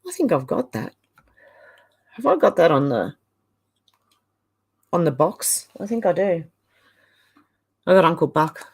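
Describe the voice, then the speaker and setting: A woman's voice: lowish voice, very animated, measured pace, pauses often, darkish tone, husky. A middle-aged Australian woman hosting a casual live stream, chatting loosely and reacting with exasperated asides while reading viewer comments aloud.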